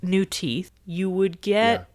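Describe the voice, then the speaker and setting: Female podcast co-host, somewhat low voice, wry conversational delivery. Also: fairly even intonation, slow pace. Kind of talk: casual chat.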